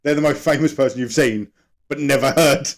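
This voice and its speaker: A man's voice: mid-range voice, steady tone, a little fast, creaky. Rambling man, casual podcast chat. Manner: rambling, jokey, tries silly accents. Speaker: podcast co-host.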